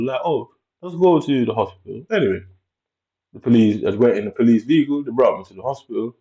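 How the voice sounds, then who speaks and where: A man telling a personal story in blunt, profane casual talk, voicing other people's lines with sudden high jumps. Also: mellow. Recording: dull lo-fi recording.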